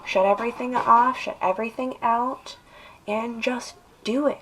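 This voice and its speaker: A woman's voice: fairly high pitch, moderate pace, slightly rough, low-quality recording. A woman giving a casual tarot reading in an emphatic, coaxing way, drawing out her phrases. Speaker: tarot reader.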